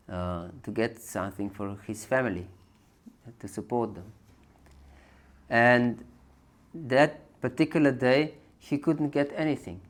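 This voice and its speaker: A man giving a spiritual lecture, telling a scripture story in a halting way with many pauses and fillers, chuckling often. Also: mid-range voice. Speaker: spiritual teacher.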